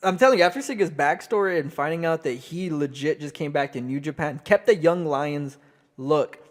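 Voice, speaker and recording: A man's voice: fairly high pitch, fairly quick. A man co-hosting a casual wrestling podcast, telling stories in a heartfelt, profane way. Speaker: podcast co-host. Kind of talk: casual chat.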